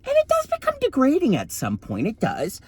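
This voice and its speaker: A man's voice: extremely high pitch, huge pitch swings, fairly quick, darkish tone, slight background noise. A man telling a story in a campy, sassy, profane way, his voice often taken for a woman's. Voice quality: voice read as feminine. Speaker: vlogger. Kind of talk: casual storytelling vlog.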